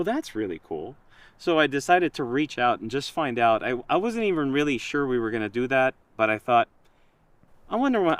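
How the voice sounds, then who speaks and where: A man in casual conversation, telling a story in an animated way and quoting himself and others. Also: mid-range voice, dry recording. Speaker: project creator.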